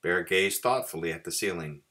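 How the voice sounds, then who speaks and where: A man, a pastor, reading a story aloud to children with expressive storytelling. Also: sits low, normal speed.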